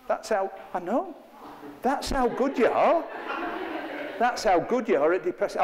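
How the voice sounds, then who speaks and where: A man's voice: high-pitched, animated, moderate pace, in a large hall. A middle-aged man, leading an interactive workshop with a live group in a chatty, playful, self-mocking way. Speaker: workshop trainer. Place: training room with a live group.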